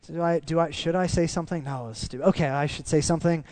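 A male pastor delivers a sermon in a relaxed, storytelling way, earnest and conversational. His voice sits on the higher side for a man, and the sound is close and dry with almost no room around it. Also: fast talker, few pauses, dry recording. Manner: conversational, earnest, dips soft in emotional parts.

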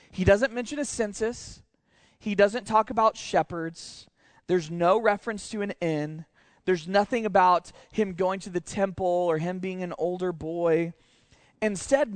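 A man preaches in a high, light voice, telling a story with energy and stopping to ask his listeners questions. The sound is close and dry, with no room around it. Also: dry recording. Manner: storytelling, animated, asks rhetorical questions. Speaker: pastor. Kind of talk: sermon.

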